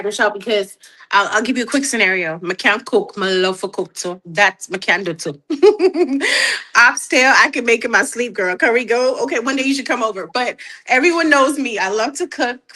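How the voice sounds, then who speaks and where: Brief: lively woman, bright higher voice, guest on an interview, laughs easily. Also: moderate pace. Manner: animated, laughs often, repeats words. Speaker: guest artist. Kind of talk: casual interview chat.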